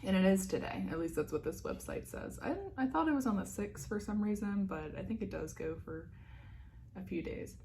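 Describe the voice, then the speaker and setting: A young woman vlogger in a casual chat, guiding a meditation in a soft, rambling, slightly nervous way with many fillers. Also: medium pitch, lively intonation, moderate pace, a little hiss or hum. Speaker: vlogger leading meditation and oracle card chat.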